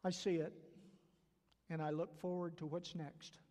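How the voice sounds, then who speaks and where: Casting note: older Southern man, stutters, higher-pitched voice, earnest sermon in a long-reverb church hall. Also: flat delivery, a little slow, warm tone. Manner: earnest, repeats key phrases, acts out quoted voices. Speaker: church staff preacher. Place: church sanctuary.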